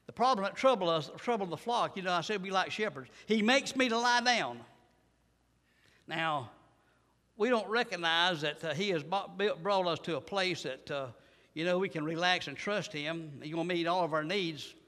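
A man's voice: high voice, moderate pace, pushed and bright, big-room sound. An older man preaching a sermon, telling folksy stories and rising to emphatic bursts.

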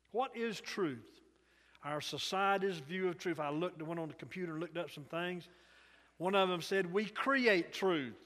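A man with a high voice preaches in a church sanctuary, reading scripture in slow, weighty phrases that build in force. The long reverb of a large hall trails each line. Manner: slow, emphatic preaching that swells louder on scripture. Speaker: pastor.

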